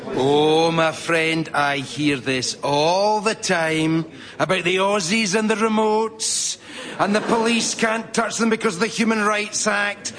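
A man's voice: sits high, fairly even intonation, takes it slowly, fairly bright tone. A man voicing a paranoid, bigoted pub bloke with a blustering, conspiratorial manner. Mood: conspiratorial rant. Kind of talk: stand-up comedy character.

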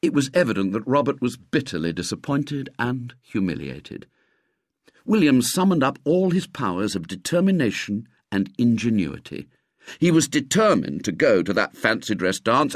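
Expressive male storyteller, lively delivery. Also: mid-range voice, normal speed, dry recording, clean studio sound. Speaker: narrator. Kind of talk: storybook reading aloud.

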